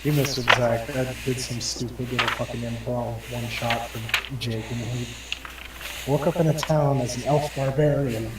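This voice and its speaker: A man's voice: mid-range voice, steady tone, normal speed. Male player, profane storyteller, distant roomy mic with noisy background. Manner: profane, rambling, acts out quoted voices. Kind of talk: crude rambling storytelling.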